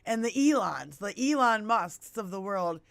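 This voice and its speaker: Woman, fifties, podcast host, animated storyteller, swears often, dry sound. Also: mid-range voice, unhurried, vocal fry, no echo. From United States. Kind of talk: casual chat.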